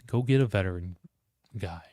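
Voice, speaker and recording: A man's voice: low voice, normal speed, mellow, no room sound, studio quality. A man hosting a live solo sports reaction stream, rambling, interrupting himself and talking to his chat. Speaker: podcast host.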